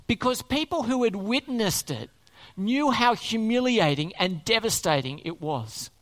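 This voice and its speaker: An emphatic preacher in the middle of a sermon, the voice rising and falling with lively, wide swings in pitch. Key words come back again and again, and questions are put straight to the listeners. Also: a little slow.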